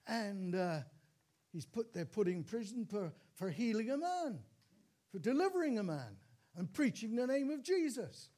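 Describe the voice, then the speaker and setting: An older man preaching with a high, ringing voice. He tells the story with dramatic repeats and breaks into calls of praise as he goes. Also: very animated, normal speed, warm tone. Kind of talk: sermon.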